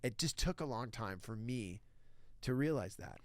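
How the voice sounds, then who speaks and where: A middle-aged man, a stand-up comedian, telling lively anecdotes in a casual interview and acting out other people's lines. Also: mid-range voice, normal speed, dry recording.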